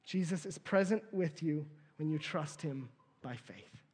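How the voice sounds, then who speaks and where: A man preaching a sermon, lively and playful, bringing volunteers up to act out the story. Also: fairly high pitch, measured pace, slightly rough. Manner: lively, playful, lets out small laughs. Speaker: pastor.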